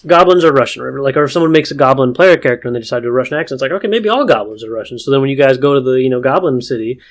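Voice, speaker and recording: A man's voice: mid-range voice, lively intonation, rapid-fire. A man co-hosting a casual podcast about tabletop games, talking in a rambling way with many fillers and restarts. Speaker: podcast co-host.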